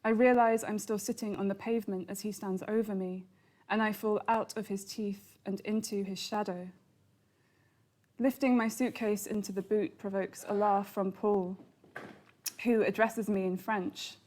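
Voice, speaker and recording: A woman reads her own literary fiction aloud at a bookshop launch. Her delivery is calm and measured, with a notably flat, steady pitch that rarely rises or falls. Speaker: author reading her novel. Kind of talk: literary reading. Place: bookshop event.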